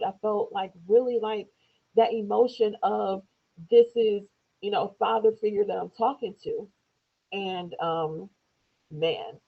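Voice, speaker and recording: A woman, an interview guest, telling a personal story in a loose conversational way, acting out quoted speech in higher voices. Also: fairly even intonation, measured pace, creaky. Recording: tinny phone-like lo-fi audio.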